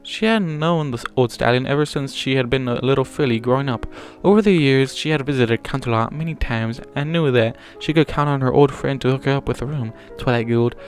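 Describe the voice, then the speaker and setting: A man's voice: mid-range voice, a little fast. A man reading a fan story aloud, plainly, with small slips that he corrects as he goes. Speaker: fanfiction reader. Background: faint music.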